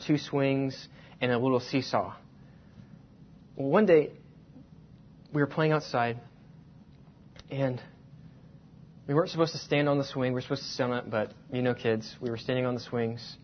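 A man preaching a sermon, telling a personal story and slowing down to stress key words. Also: medium pitch, steady tone, slight background noise. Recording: dull lo-fi sound.

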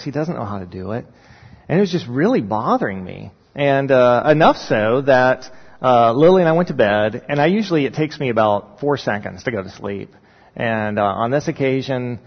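A man, a pastor, telling a personal story in a sermon with animated, rising emphasis when he recounts his prayers. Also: medium pitch, vocal fry, slightly rough. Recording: dull sound with long reverb in a large hall.

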